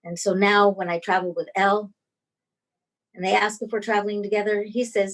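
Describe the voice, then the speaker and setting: A woman's voice: mid-range voice, brisk. A woman performing a dramatic personal story over a video call. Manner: dramatic, expressive delivery.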